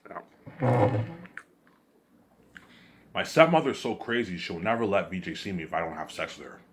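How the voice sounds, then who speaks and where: A vlogger with a deep, sing-song voice talks fast as he rants straight to the camera. His monologue is agitated, repetitive, and full of accusations.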